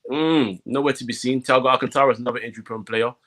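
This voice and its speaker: A man chatting football on a podcast with friends. His voice sits mid-range, and his delivery is loose and animated, full of "you know" and "innit". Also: mid-range voice, rapid-fire. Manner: animated, slangy, lots of fillers. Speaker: podcast co-host. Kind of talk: casual football chat.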